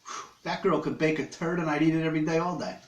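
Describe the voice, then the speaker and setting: This livestream host has a slightly high voice and talks fast, his sound roomy. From his living room he eats and rambles through casual chat, joking crudely with his viewers.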